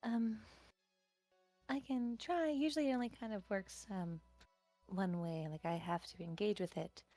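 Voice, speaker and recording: A woman's voice: medium pitch, fairly even intonation, measured pace, warm tone, soft background music. A woman playing a tabletop roleplaying game, speaking hesitantly with frequent ums. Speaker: player.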